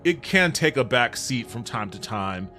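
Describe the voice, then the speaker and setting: A man casually chatting with his viewers on a livestream, relaxed and profane, reading chat aloud and answering it. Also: mid-range voice, unhurried, soft background music.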